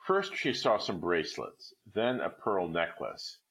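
Deep-voiced man reading a classic story. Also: unhurried, gravelly, poor audio. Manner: expressive literary narration.

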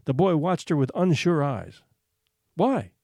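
Male audiobook narrator, fairly high, very animated delivery, close dry sound. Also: no room sound. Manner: expressive, measured storytelling.

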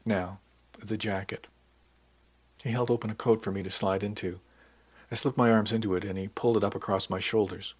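A man reading a first-person audiobook in a measured, descriptive way. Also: fairly low pitch, steady tone, husky. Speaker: audiobook narrator.

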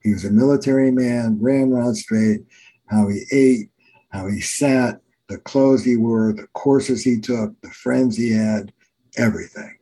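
A man's voice: mid-range voice, fairly even intonation, measured pace, warm tone, slightly rough, low-quality recording. An older man, a family therapist, telling case stories in an earnest, emphatic teaching manner. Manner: earnest, emphatic teacher repeating key phrases. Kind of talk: storytelling in a podcast interview.

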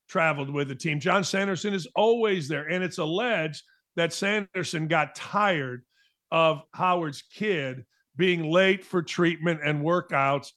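Middle-aged guy ranting on sports radio, fairly high voice, blunt and mocking. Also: a bit bright. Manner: blunt, emphatic, mocking, says "blah, blah". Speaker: sports talk show host. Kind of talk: opinionated sports talk monologue.

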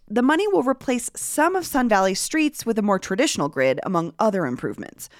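A woman's voice: mid-range voice, sing-song, brisk, dry recording, studio quality. A woman hosting a local news podcast, reading the headlines in a chatty way. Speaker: podcast host.

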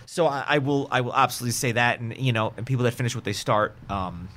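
A man's voice: mid-range voice, fast, a bit bright. A man hosting a casual podcast interview, asking rambling, joking questions. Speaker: podcast host.

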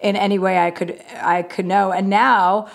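A woman's voice: mid-range voice, little pitch movement, normal speed, creaky. A woman comedian, a guest in a casual interview, telling candid stories, acting out quoted conversations and using many fillers like "you know".

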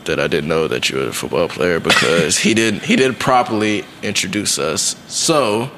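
A man's voice: low voice, animated, normal speed, background noise. A young man, a college football player, in casual, playful podcast chat, full of fillers and teasing. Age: young adult. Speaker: guest, college football linebacker.

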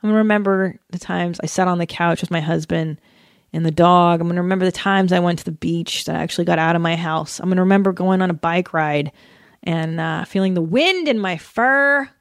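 Animated, profane woman podcast host. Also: fairly low pitch, a little fast, no room sound, clean studio sound. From United States. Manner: animated, profane, laughing often. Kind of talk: casual solo podcast rant.

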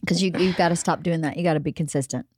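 A woman's voice: on the low side, steady tone, fast, darkish tone, slightly rough, no echo, clean studio sound. A woman in her fifties hosting a podcast, chatting casually and motherly with her daughters. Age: 50s. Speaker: podcast host. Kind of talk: casual family chat.

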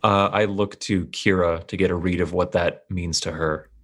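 A man plays a tabletop game, quipping with deadpan humor. His voice sits very deep. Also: normal speed. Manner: joking, deadpan. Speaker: player.

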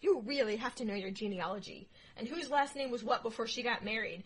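A woman co-hosting a casual history podcast, telling the story playfully with jokes and loud asides. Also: on the high side, a little fast, breathy edge, low-quality recording. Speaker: podcast co-host.

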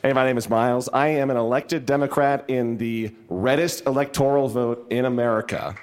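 A man speaking from a live audience in a smooth, self-assured manner. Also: medium pitch, fairly even intonation, moderate pace, darkish tone. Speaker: audience member, city councilman. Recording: live venue recording with audience noise.

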